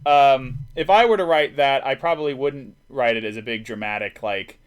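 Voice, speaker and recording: Drawing on a live stream, this man chats casually in a rambling, self-deprecating way, frequently starting his thoughts over. He has a medium-pitched, clean-toned voice at a normal speed.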